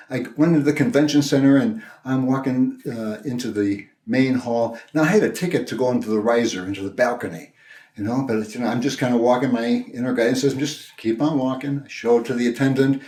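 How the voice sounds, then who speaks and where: Older guy minister telling a story in a sermon, easygoing and halting, echoey church room. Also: medium pitch. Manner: conversational, gentle, halting with restarts. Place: church sanctuary. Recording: roomy echo.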